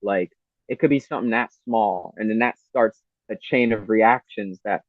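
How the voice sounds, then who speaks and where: A man's voice: lowish voice, normal speed, dry recording. Man talking spirituality over a tinny line. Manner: earnest, rambling, peppered with "you know" and "man". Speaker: podcast guest. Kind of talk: spiritual talk in casual interview.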